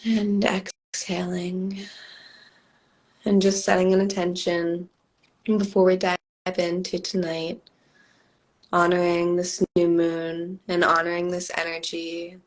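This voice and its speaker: A woman with a hoarse, scratchy voice, co-hosting a live stream and guiding a calm meditation. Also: on the low side. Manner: slow, calm guiding cadence. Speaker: co-host and meditation guide. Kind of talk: guided meditation and casual chat. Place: home, on a live video stream.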